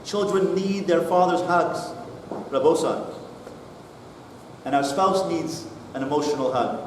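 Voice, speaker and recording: A middle-aged man gives a talk in a synagogue, animatedly acting out a family story. His slightly high voice carries through a long, reverberant hall, picked up by a distant mic over steady background noise. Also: a little slow. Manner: animated storyteller, acts out dialogue. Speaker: rabbi giving a talk. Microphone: distant mic, far from the speaker. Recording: echoey hall recorded from far off.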